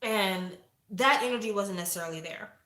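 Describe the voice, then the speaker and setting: A woman in her forties chatting casually to viewers, opinionated and lively, acting out quotes as she reviews a show. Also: mid-range voice, moderate pace. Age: 40s. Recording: echoey room.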